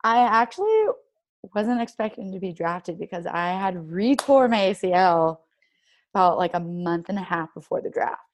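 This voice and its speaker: A woman's voice: on the low side, normal speed. Chatty young woman telling a story. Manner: animated, heavy use of "like", acts out quoted dialogue. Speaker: guest, professional soccer player. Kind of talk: casual interview storytelling.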